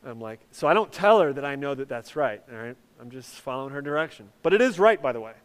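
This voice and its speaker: A man's voice: mid-range voice, very animated, fast, big-room sound. A man preaching a sermon, telling a personal story in a conversational way with many fillers and restarts. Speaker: pastor.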